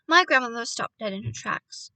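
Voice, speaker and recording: A woman reading a children's novel aloud as an audiobook, telling the story in an expressive, animated way. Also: a little high, normal speed, vocal fry, dry recording, rough recording. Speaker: audiobook reader.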